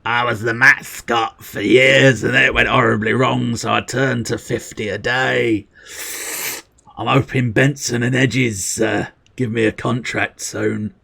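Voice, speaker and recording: A man voicing a small, washed-up male mascot creature in a higher, louder chirpy voice. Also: fairly even intonation, a little slow, gravelly, full character voice. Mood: deadpan.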